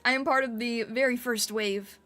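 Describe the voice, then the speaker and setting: A woman's voice: a little high, fairly even intonation, normal speed, a bit bright, faint music behind. A woman streamer chatting casually with her viewers on a live stream, giggling often as she reacts to their comments. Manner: giggly, playfully reacting to chat.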